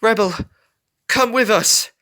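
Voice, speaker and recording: A man voicing a young female fox, brave and desperate, in a read-aloud fan story, with high pleading cries. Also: very slow, a bit bright, exaggerated voice.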